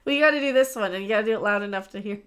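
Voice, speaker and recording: A woman's voice: mid-range voice, rapid-fire, a bit bright, clear, resonant tone. A young woman hosting a casual livestream, rambling and chatty, often trailing off and restarting. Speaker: livestream host.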